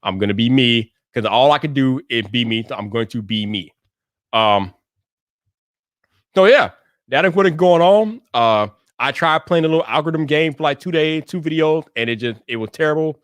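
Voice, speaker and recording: A man hosting a tech livestream in casual chat, slangy and emphatic, repeating himself and breaking into loud hype. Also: medium pitch, normal speed, dry recording. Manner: bursts into loud hype shouting.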